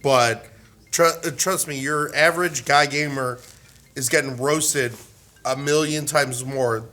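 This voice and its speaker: Bright-voiced joking male podcast host. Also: medium pitch, steady tone. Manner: crude joking, halting restarts. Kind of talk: casual podcast chat.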